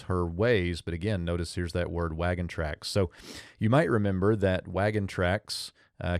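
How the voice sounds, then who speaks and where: A man's voice: deep voice, a little mellow, no room sound, clean studio sound. A man teaching an ancient-language lesson at a whiteboard, thinking aloud with fillers and self-corrections.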